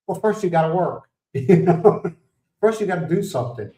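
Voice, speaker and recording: A man's voice: high voice, lively intonation, normal speed, mellow, reverberant, distant mic, poor audio. A man from the United States hosting a livestream, chatting casually, telling rambling stories, laughing and greeting viewers by name. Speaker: livestream host. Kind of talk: casual chat.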